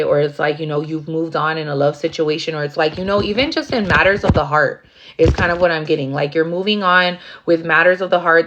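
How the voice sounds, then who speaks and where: A woman's voice: low-pitched, lo-fi sound, noisy background. A woman giving a casual tarot reading, rambling with lots of fillers and swearing freely. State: near tears at times. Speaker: tarot reader.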